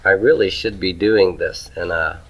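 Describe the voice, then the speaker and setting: A man's voice: low-pitched, normal speed, rough recording. A man teaching Hebrew grammar to a class. He writes on a board as he goes, asks students questions and keeps checking in with "okay?" and "right?". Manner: asks the class questions and answers them himself; writes on a board while he talks.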